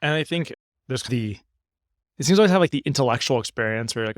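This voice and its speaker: A man hosting a podcast in an animated, chatty way, asking open questions. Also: medium pitch, fast talker, no room sound. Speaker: podcast host. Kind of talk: casual conversation.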